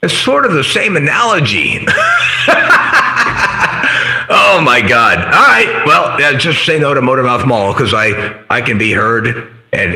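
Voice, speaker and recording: Host type, man, CB radio chatter, lively pitch, bright and sharp, echoey room. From central coast of California. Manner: rambling, full of CB slang and sign-offs. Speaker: CB radio operator hosting a live stream. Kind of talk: casual radio chat.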